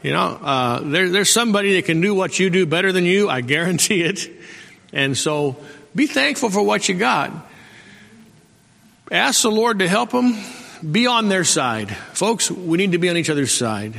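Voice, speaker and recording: A man's voice: sits high, sing-song, moderate pace, vocal fry, a bit bright. A middle-aged male pastor preaching a folksy sermon and calling out for amens from the congregation. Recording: long hall reverb.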